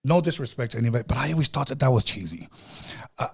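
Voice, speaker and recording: Middle-aged man, podcast host, casual storytelling, slangy and animated, mid-pitched voice. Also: racing, breathy edge. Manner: loose, animated storyteller with frequent slang and cursing.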